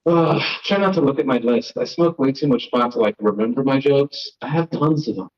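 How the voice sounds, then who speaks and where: Heard through lo-fi live stream audio, a young Floridian comedian and host works a comedy stage with a rambling, self-deprecating set and banter with the audience. He speaks briskly in a mid-range voice.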